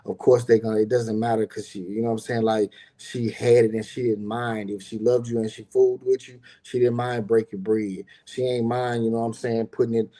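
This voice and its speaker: Talking directly to his viewers, a middle-aged man who owns a business rambles through a personal story in slangy, freely profane casual storytelling. His mellow, mid-range voice shows little pitch movement and moves fairly quickly with few pauses.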